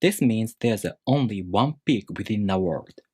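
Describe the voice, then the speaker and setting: A man teaching a language lesson, explaining rules step by step in a measured, scripted way. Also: fairly low pitch, expressive, warm tone, breathy edge, no echo, studio quality.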